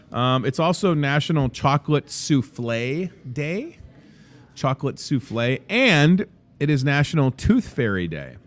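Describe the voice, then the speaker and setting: Animated, joking man hosting a store show. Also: medium pitch. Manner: jokey, rambling, upbeat. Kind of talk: casual live promo chat. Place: inside a grocery store.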